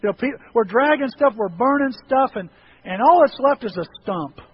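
High-voiced, animated preacher. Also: male voice, normal speed, highs cut off, a little hiss or hum. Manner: animated storytelling, self-deprecating humor. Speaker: pastor. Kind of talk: sermon. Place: church sanctuary.

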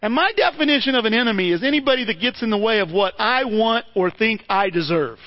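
A man's voice: high-pitched, lively intonation, fast, lo-fi sound. A man preaching a sermon in a conversational way, asking his listeners rhetorical questions and often repeating words as he restarts.

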